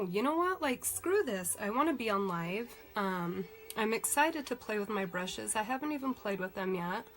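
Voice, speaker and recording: A woman's voice: mid-range voice, low-quality recording. A woman, chatting on a live stream while she cries and rambles with many fillers. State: crying. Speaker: vlogger doing a live stream. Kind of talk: casual live-stream chat.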